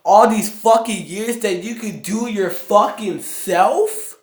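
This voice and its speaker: Slow, profane ranting game reviewer. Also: medium pitch, roomy sound. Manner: profane, exasperated ranting with outbursts. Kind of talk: ranting gameplay commentary.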